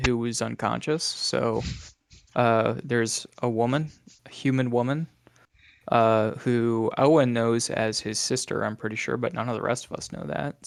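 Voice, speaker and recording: A man with a mid-pitched voice recaps a tabletop game session in an easygoing, unhurried way. He leans on small hesitant fillers as he talks. The sound is close and dry. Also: creaky, clean tone, dry recording. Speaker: player.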